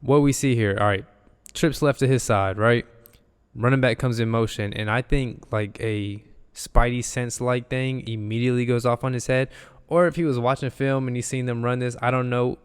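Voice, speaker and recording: A man's voice: medium pitch, steady tone, normal speed, clear, resonant tone, long reverb tail. A young man, an enthusiastic football analyst, talking loosely through game film and repeating himself as he goes. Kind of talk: casual film breakdown.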